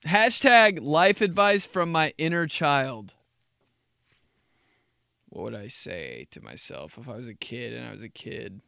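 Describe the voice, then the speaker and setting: A man's voice: mid-range voice, animated, unhurried, vocal fry, bright, forceful tone, clean tone, no room sound, studio quality. A young man hosting a podcast, telling rambling, profane, comedic stories and laughing at himself. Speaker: podcast host. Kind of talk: casual comedic storytelling.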